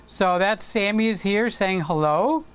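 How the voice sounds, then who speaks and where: Chatty male host with a smooth voice. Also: high-pitched, unhurried, a bit bright. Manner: chatty, teasing and affectionate with viewers. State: sore throat. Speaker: live-stream host. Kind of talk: casual live-stream chat. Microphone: desk microphone.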